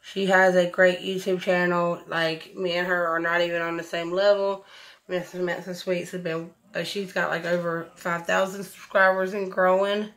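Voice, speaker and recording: A woman's voice: lowish voice, little pitch movement, moderate pace, fairly bright tone. A woman, chatting effusively through a makeup tutorial, recorded at home on a camera mic. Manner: chatty, effusive, says y'all a lot. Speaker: beauty vlogger. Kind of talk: casual makeup tutorial chat.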